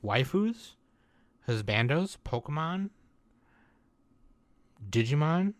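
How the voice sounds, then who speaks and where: A man's voice: fairly high pitch, sing-song, slow pace, dry recording. A man hosting a podcast in casual chat, joking and laid-back. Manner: joking, laid-back, says dude a lot. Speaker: podcast host.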